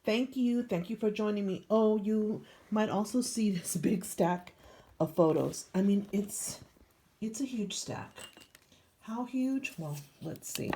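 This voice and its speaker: Slow and medium in pitch, an older woman narrates her scrapbook pages against a noisy background. She's a scrapbooking vlogger, and the casual show-and-tell drifts around with frequent ums.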